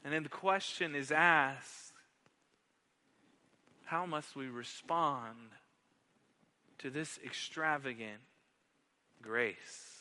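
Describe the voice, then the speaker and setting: Slow sharp-toned preacher in a reverberant church. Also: male voice, on the high side. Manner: dramatic storytelling, rising to emphatic questions. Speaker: pastor. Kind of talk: sermon.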